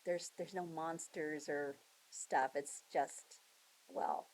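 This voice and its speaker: A middle-aged woman, a school librarian, casually retelling and recommending books for students in a chatty, animated way. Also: sits low, slow, low-quality recording. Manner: chatty, animated storytelling with acted voices. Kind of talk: book review for students.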